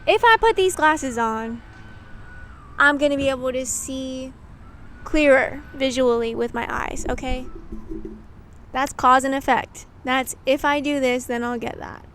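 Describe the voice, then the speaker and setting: A woman's voice: sits high, unhurried, a bit bright, slight background noise. A young adult woman, a video creator, talking candidly to camera in a rambling, reflective way, full of "like" and the odd swear word. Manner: rambling and candid, heavy use of "like", casual swearing. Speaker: YouTube creator. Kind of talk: reflective casual monologue to camera.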